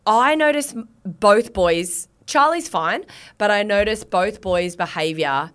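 A woman in her thirties co-hosting a podcast, reacting quickly and talking bluntly, with some swearing. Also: medium pitch, lively intonation, fairly bright tone. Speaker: podcast co-host. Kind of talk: casual chat.

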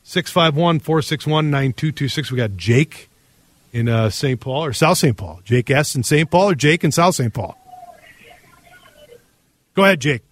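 A man hosts a call-in radio show. He jokes around and reads listener texts in a relaxed way. The studio sound is dry and close. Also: on the high side, slow, long pauses, dry recording. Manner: casual, joking, reads texts aloud. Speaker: radio host. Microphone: studio microphone.

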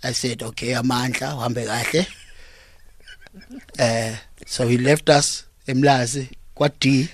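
A South African man, a comedian guest in a radio studio, telling jokes in a deadpan storytelling way. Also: medium pitch, unhurried, a little hiss or hum. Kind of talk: joking radio interview chat. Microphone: studio microphone.

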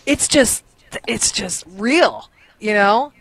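Woman co-host, slightly high voice, casual laughing chat. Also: slow, vocal fry, husky, dry recording. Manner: laughs often, animated storytelling.

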